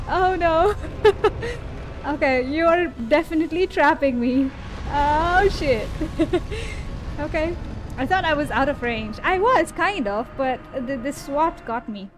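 A woman's voice: high-pitched, expressive, takes it slowly, pauses often, background noise. A woman giving casual live commentary on her own gameplay, chatty, laughing often and talking back to the enemy. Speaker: gaming video host.

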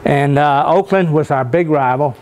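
An older man gives a leadership talk, spinning folksy stories at his own expense. He keeps checking in with his listeners as he goes. His voice sits slightly higher than most men's. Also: normal speed, darkish tone. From Richmond, Virginia, US. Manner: folksy, self-mocking humor, keeps checking in with "okay?". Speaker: guest speaker, former football coach.

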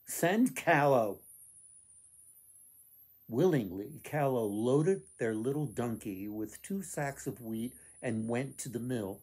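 A man reading a folktale aloud to children, expressive with dramatic pauses. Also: medium pitch, slightly rough. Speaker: author reading his book. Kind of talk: storybook read-aloud.

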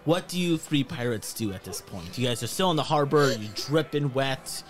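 A man's voice: mid-range voice, lively intonation, normal speed, faint music behind. A man narrating a tabletop pirate game as game master, in a playful manner.

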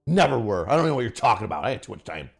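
A man hosting a casual stream, roasting his guest with loud mock-angry rants and heavy swearing. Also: fairly low pitch, sing-song, racing, gravelly, husky, soft background music. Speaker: podcast host.

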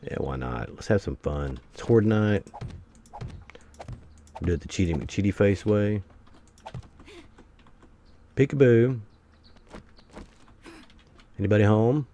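A man giving excitable commentary while playing a survival game, taunting enemies and breaking into sudden loud outbursts. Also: low voice, unhurried, long pauses, slight background noise. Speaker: gameplay streamer. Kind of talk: let's play commentary.

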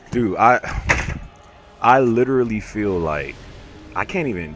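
A man commentating his own gameplay, casual and slangy, swinging from low self-critical muttering to sudden yells. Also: animated, takes it slowly, pauses often, soft background music. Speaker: gamer.

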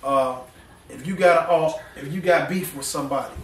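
A male pastor preaching a folksy, animated sermon full of slang, drawing responses from the congregation. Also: fairly high pitch, moderate pace. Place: church sanctuary. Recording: echoey church room, mic at a distance.

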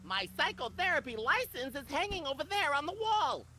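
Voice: high-pitched, big pitch swings, moderate pace, bright, forceful tone, a little hiss or hum, full character voice. A woman voicing a manic male former child star who poses as a chirpy therapist in a cartoonish video game. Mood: manic cheer.

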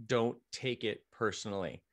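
Appearing as a guest on a podcast interview, a military veteran tells a long story casually in a lowish voice at a moderate pace. He rambles, frequently restarting sentences, correcting himself, and joking at his own expense.

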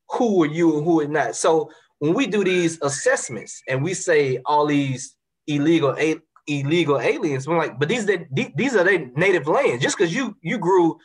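Man, louisiana accent, high husky voice, passionate, repeats words, casual talk. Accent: Southern US, Louisiana. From Baton Rouge, Louisiana. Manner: passionate, fast, repeats words when building a point. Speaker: guest. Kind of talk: casual conversation.

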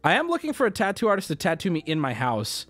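A man hosting a live stream and reacting to viewer media. He is excitable and swears a lot, swinging from mumbled asides to loud yells. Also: high voice, quick pace, soft background music. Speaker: streamer host.

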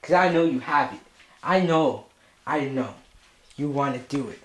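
A man's voice: medium pitch, animated, unhurried. A male vlogger in a comedic scolding skit, swearing heavily and repeating mock threats and taunts.

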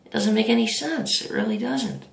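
A man voicing a whiny, awkward, lonely teenage boy who talks haltingly and repeats himself. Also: sits high, vocal fry, reverberant, voice pushed up.

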